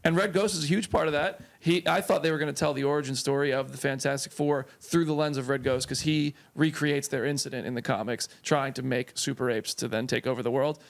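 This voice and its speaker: A man hosting a casual film review podcast in a studio, talking in an excitable, enthusiastic way. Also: mid-range voice, fast talker, gravelly, hardly any pauses. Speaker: podcast host.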